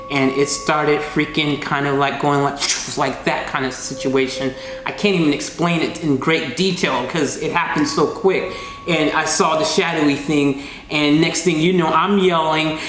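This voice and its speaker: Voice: mid-range voice, slight background noise. A channel host telling a story to camera, talking casually and animatedly to viewers, full of slang, recorded at home. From United States. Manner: animated, chatty, addresses viewers as guys, slang-heavy. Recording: roomy echoey room.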